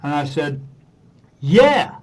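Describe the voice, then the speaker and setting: Speaking slowly yet very animated, a medium on a podcast tells casual, rambling stories in a slightly mellow voice on the high side. He acts out dialogue and peppers it with many "uh" fillers. Audio quality is poor.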